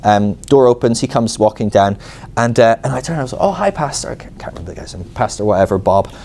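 Male preacher, storytelling sermon, quick and animated, mellow tone, self-mocking. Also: on the low side, slight background noise. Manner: animated, self-mocking, acts out his own angry inner voice; many fillers like "like" and "right?". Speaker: ministry school teacher.

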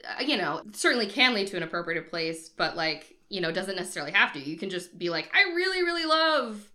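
A woman's voice: on the low side, fast talker, bright, forceful tone. A woman co-hosting a casual podcast, telling a story in a chatty way and laughing often. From Boston area, US.

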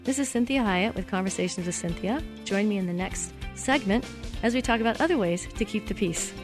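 A woman hosting a Christian relationship advice radio show in an earnest, steady, teacherly way. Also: medium pitch, brisk, music in the background.

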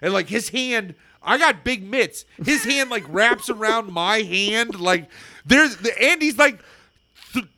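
A man telling a story in casual chat, excitable and rambling, full of fillers. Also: high voice, unhurried.

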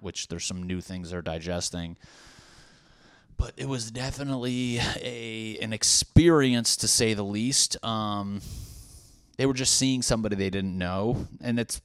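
A man's voice: lowish voice, normal speed, clean tone, dry recording, studio quality. A young man, a stand-up comedian, talking casually and profanely in rambling, self-deprecating asides.

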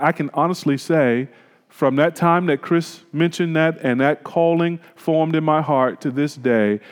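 A pastor preaching a sermon, telling a personal story in a conversational, reflective way. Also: male voice, mid-range voice, clean tone, in a large hall.

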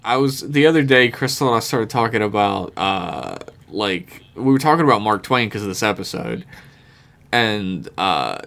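A man's voice: lowish voice, very animated, normal speed, creaky, fairly bright tone. Profane man recapping a TV episode. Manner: profane, acts out characters in quoted bits. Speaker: podcast co-host. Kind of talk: casual chat recapping a TV episode.

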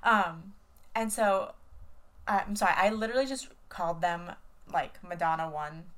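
A woman's voice: lowish voice, fairly even intonation, moderate pace, a bit bright. A young woman co-hosting a casual podcast, rambling through a recap with filler words and playful swearing. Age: young adult. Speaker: podcast co-host. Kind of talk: casual chat.

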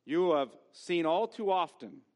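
Male pastor, fairly high, animated delivery, emphatic sermon, long church-hall reverb. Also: measured pace. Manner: emphatic, with rhetorical questions. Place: church sanctuary.

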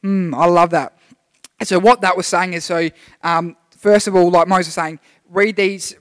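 A young man giving a casual, rambling sermon, full of restarts, to a church group. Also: high-pitched. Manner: chatty, rambling, with many restarts. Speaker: youth preacher. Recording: long hall reverb.

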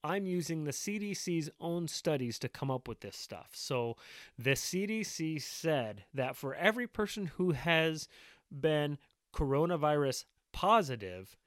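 Man, video ranter, heated and insistent, slightly raised pitch, dry close mic. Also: expressive, unhurried, a bit bright, dry recording. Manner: angry, insistent, repetitive. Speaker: video maker. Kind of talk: impassioned ranting monologue.

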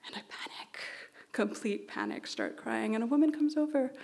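A woman telling a personal story on stage at a live storytelling event, in an animated, anxious way with quick run-on phrases. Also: on the high side, creaky. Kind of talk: live storytelling before an audience.

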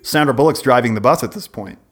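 A man's voice: mid-range voice, animated, fast talker, fairly bright tone, faint music behind. A man in his forties, a podcast co-host, telling a long rambling story in casual chat, often breaking off and restarting. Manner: rambling, self-interrupting storyteller.

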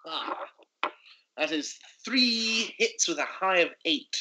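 A man playing a tabletop game, lively and playful, thinking aloud about his plans. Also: high voice, takes it slowly, background noise. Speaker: player. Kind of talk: in-character tabletop play.

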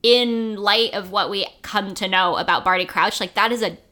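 A woman's voice: medium pitch, fairly even intonation, moderate pace, bright, forceful tone. Chatty, frank woman podcast host. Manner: frank, chatty, swears casually. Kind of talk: casual chat.

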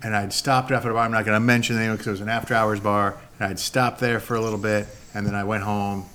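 A man telling a relaxed anecdote in a casual podcast chat, offering easygoing advice. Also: on the low side, fast talker, a little hiss or hum. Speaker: podcast co-host. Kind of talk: casual storytelling.

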